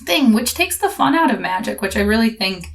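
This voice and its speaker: A woman's voice: a little high, sing-song, brisk, vocal fry, a little hiss or hum. Chatty woman hosting a podcast. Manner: chatty, laughs easily, reads listener questions. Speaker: podcast host. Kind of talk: casual chat.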